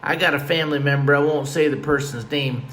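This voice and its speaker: A man's voice: on the high side, steady tone, fairly quick, fairly bright tone, a little hiss or hum. A man hosting a podcast, talking in a folksy, tongue-in-cheek ramble that drifts off topic late at night at home. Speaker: podcast host. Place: room at home with a fan.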